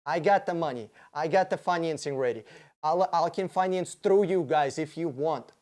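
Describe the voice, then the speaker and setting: His voice sits on the high side and moves at a moderate clip. As host of an informal livestream Q&A, he reads viewers' questions and launches into swearing, excited, meandering answers.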